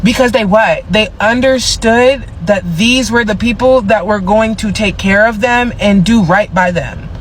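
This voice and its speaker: Brief: high-pitched man, sassy profane rant to camera. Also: a little slow, hardly any pauses, slight background noise, poor audio. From United States. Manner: sassy and blunt, swears, calls the subject "babe".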